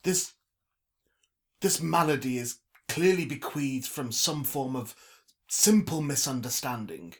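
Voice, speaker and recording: A man's voice: mid-range voice, animated, takes it slowly. A man reading a story aloud, voicing a pompous, grandiloquent man who talks in flowery archaic phrases.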